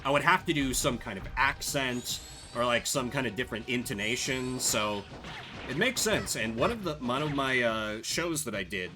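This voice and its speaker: A young man's mid-range voice is animated and at normal speed as he streams a game. He keeps the chat casual, telling wandering stories crowded with fillers.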